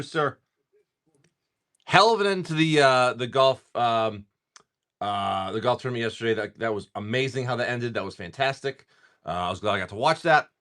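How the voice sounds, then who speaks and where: A man hosting a casual livestream who greets viewers by name, chats, and swears freely while opening card packs. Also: mid-range voice. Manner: animated, quick bursts of talk. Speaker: card-breaking livestream host.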